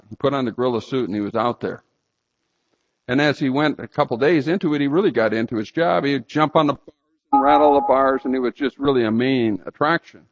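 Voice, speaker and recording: A man preaching a sermon, telling stories and sometimes breaking into loud outbursts. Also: mid-range voice, fast talker. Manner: storytelling with sudden loud outbursts. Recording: slightly dull lo-fi sound.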